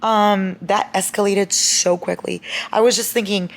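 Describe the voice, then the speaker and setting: A young woman chatting casually in a reading vlog, expressive and quick to swear, with sudden laughs and shocked outbursts. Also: mid-range voice. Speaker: book vlogger.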